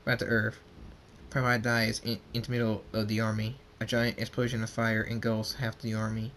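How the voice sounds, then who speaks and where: Man haltingly reading a homemade story. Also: on the low side, monotone, a bit bright, slight background noise. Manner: halting, with restarts and slips. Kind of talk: reading homemade fan fiction aloud.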